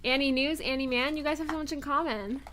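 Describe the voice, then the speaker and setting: A woman's voice: high-pitched, quick pace, background noise. A woman co-hosting a casual livestream, reading out chat comments and teasing playfully. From Canada.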